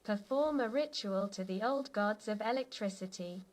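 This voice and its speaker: A synthetic woman's voice reading out viewers' chat messages in a flat, even way. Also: mid-range voice, moderate pace. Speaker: text-to-speech chat reader.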